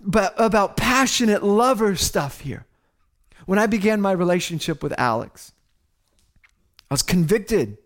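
A male pastor delivering an impassioned sermon, swinging from loud exhortation to hushed, emotional moments. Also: high voice, animated, a little slow, long pauses.

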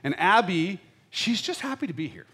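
A man's voice: sits high, sing-song, normal speed, sharp tone, slightly rough. A middle-aged man preaching a sermon in a chatty, playful way, often checking in with the congregation. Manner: conversational preaching with playful asides, checking in with "right?". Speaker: pastor.

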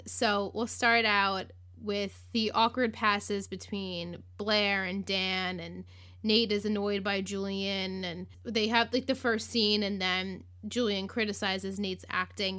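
A woman's voice: mid-range voice, sharp tone. A woman hosting a podcast, recapping an episode in casual chat, with lots of "like", acted-out quotes and laughter. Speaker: podcast host.

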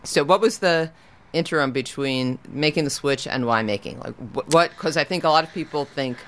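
A man's voice: on the high side, fairly quick, fairly bright tone, slight background noise. A man hosting a casual radio show in a studio, rambling and correcting himself as he talks. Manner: rambling, self-correcting, chatty. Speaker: radio DJ and host.

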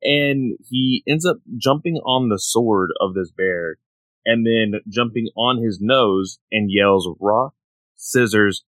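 A man's voice: fairly low pitch, slow pace, no echo. A man co-hosting a podcast, casually and eagerly retelling a comic's plot step by step. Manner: plot-summarizing, eager storyteller.

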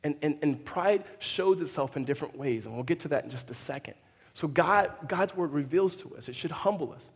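A fairly high-voiced male pastor preaches in a reverberant church hall, animated and expressive. He restarts phrases often and slips into quoted voices as he goes. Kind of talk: sermon.

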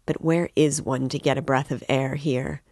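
A woman's voice: extremely low pitch, steady tone, normal speed, a little mellow, dry recording, clean studio sound. A woman reading as a fretful, worried mother. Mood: anxious. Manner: worried, talkative. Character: anxious fretful middle-aged mother, woman.

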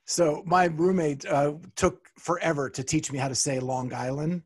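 A man hosting a podcast interview, easygoing and a bit halting as he sorts out his questions. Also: a little high, steady tone, slightly rough. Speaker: podcast host.

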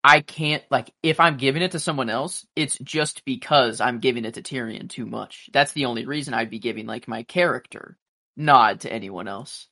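A man co-hosting a casual podcast, rambling and halting as he gives his thoughts. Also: medium pitch, vocal fry, bright, forceful tone. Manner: rambling, halting, full of fillers and restarts. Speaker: podcast co-host reacting to a TV episode. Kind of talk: casual chat.

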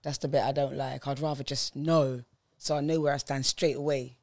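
A woman, co-hosting a podcast in casual chat and dropping in quick quips. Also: extremely low pitch, little pitch movement, a little mellow, dry recording, studio quality. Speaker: podcast co-host.

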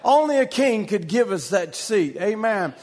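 A man's voice: high-pitched, sing-song, a little slow, a little mellow. A man preaching a sermon, telling a story with a rhythmic cadence and repeated, restarted phrases.

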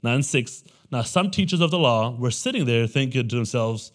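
With a medium-pitched voice, a young adult pastor delivers a laid-back, conversational sermon, regularly checking in with the room by asking "right?" He treats the congregation like friends and slips into animated little impressions of the story's characters.

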